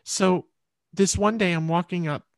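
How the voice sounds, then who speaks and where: A woman's voice: fairly low pitch, a little slow, vocal fry, no echo, clean studio sound. A woman, a guest, earnestly telling a personal story in a chatty way.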